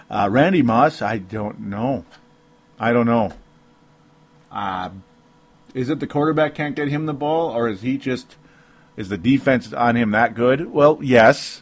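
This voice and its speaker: A sports talk podcast host rants emotionally and alone about football in a medium-pitched voice with no echo. He rambles, interrupts himself and laughs between points.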